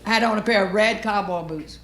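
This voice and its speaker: A middle-aged Louisiana woman with a Southern accent and smoky voice tells brash, profane stories in a stand-up set on a comedy club stage before a live audience. Her voice is medium-pitched and fairly quick, with background noise in an echoey club room.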